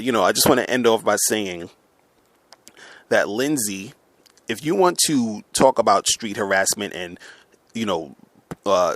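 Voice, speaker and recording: An online men's coach with a lowish, fairly bright voice delivers a heated, profane rant to his listeners, angrily stumbling over words and restarting. There's no echo on this audio recorded for upload.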